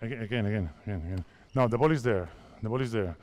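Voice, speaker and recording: A man in his fifties from Spain, a basketball coach speaking halting English with a Spanish accent as he directs players through drills at a clinic. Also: on the low side, a little mellow, slight background noise. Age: 50s. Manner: halting non-native English, repeats phrases, directs players.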